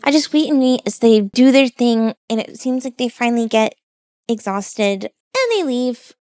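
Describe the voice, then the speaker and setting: High-voiced woman telling a storytime. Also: moderate pace, no echo, soft background music. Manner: animated, expressive retelling with quoted dialogue. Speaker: VTuber storyteller. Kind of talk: casual storytime narration.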